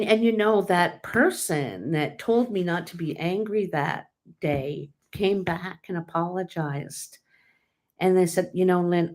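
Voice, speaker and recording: A woman hosting her own vlog, talking in a candid, casual way with many fillers and restarts. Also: on the low side. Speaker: tarot channel host. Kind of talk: casual personal vlog talk.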